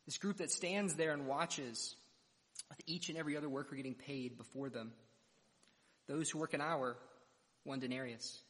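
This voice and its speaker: A man's voice: mid-range voice, moderate pace, pauses often, a bit bright. A man preaching an expository sermon verse by verse and retelling a parable dramatically. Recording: long reverb of a large hall.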